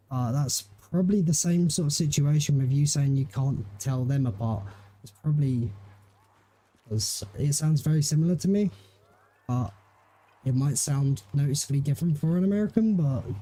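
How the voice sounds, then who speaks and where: Laid-back young English guy, streamer chat, deep mellow tone, rambles. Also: moderate pace. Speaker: gaming livestreamer. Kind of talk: casual chat while streaming.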